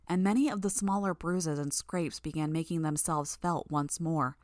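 A woman narrating fiction in the first person, in a measured, tense way. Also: low voice, fairly even intonation, no room sound, studio quality. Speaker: audiobook narrator.

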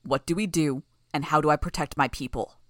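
A woman's voice: deep voice, steady tone, brisk, dry recording, clean studio sound, natural voice. A woman voicing a direct, protective male gang leader in a fan audiobook. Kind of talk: audiobook character voice.

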